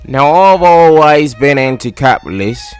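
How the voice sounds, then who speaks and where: A man voicing a working-class British socialist in a put-on British accent, telling his story loudly and with emphasis over faint music. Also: fairly high pitch, expressive, unhurried. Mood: earnest.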